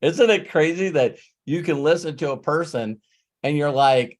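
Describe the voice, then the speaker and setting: A man's voice: fairly high pitch, moderate pace. A man hosting a live online coaching session, chatting casually and laughing often. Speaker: host, life coach.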